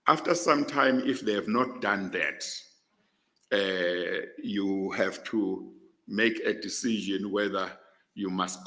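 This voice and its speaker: An older South African man answering questions in a formal panel interview, measured and pausing often. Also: sits low, bright, forceful tone, poor audio. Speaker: interview candidate.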